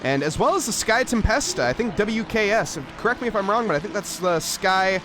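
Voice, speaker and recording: An American man commentates a sim race in a loose, joking way, deliberately butchering car names for laughs. His voice sits a little high. A clear hiss of background noise runs under the stream audio. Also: expressive. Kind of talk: casual live race commentary.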